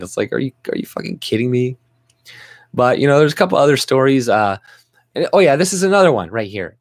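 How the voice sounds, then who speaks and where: A man's voice: mid-range voice, expressive, brisk, dry recording. A young Canadian man ranting angrily on his vlog, swearing and restarting his sentences often. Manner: profane, exasperated, rambling with restarts. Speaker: vlogger. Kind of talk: angry political rant.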